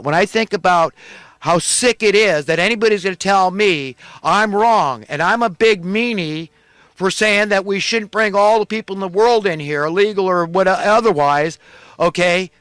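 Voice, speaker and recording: A man's voice: high voice, a bit bright, smooth, no echo. A man preaching an angry, indignant monologue, ranting with repeated emphatic phrases. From California. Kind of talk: impassioned monologue.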